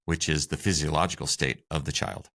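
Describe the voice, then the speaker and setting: Deep gravelly man giving advice. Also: fairly even intonation, a little fast, fairly bright tone. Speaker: podcast co-host. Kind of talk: relationship advice talk.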